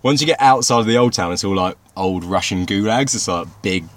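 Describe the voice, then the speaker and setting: A man's voice: on the low side, brisk. A man co-hosting a podcast, telling rambling crude stories in casual banter and laughing often. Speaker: podcast co-host.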